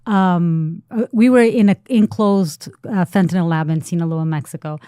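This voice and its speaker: A middle-aged woman journalist telling an animated story on a talk show, full of restarts and fillers. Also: fairly low pitch, moderate pace, clean tone, no echo, clean studio sound. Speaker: investigative journalist guest.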